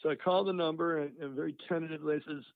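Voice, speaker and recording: A man's voice: fairly high pitch, steady tone, racing, gravelly, no echo. Older man telling stories over the phone. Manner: rambling, lots of "you know" and "uh". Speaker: musician guest. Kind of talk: casual storytelling interview. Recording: dry, tinny phone-line sound.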